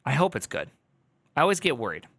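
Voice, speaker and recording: A man reacting to a video on a live stream, rambling with restarts and loud joking asides. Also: mid-range voice, huge pitch swings, fast talker, creaky, husky, dry recording.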